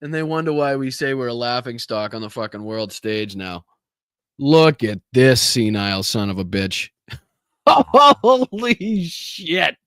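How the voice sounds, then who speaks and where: A man's voice: mid-range voice, very animated, takes it slowly, fairly bright tone, clear, resonant tone, dry recording, clean studio sound. A male political commentary host reacting to clips on a live stream, swearing and laughing often in disbelief. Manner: profane, incredulous, laughs often.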